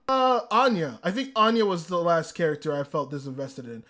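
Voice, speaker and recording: A man reviewing anime in a casual, excitable rant, swearing freely. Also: a little high, a little fast, few pauses. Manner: excitable, profane ranting. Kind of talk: casual commentary. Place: indoors, a room.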